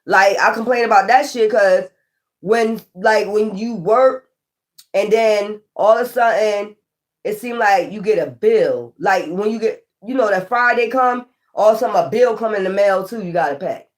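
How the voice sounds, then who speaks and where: A woman tarot reader ranting casually to her viewers, profane, animated and exasperated. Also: mid-range voice, moderate pace.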